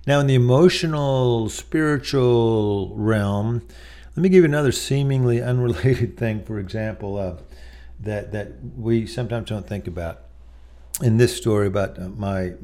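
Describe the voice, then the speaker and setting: A man's voice: fairly low pitch, mellow. A middle-aged man preaching a sermon in a conversational way, telling personal stories with many asides. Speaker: pastor.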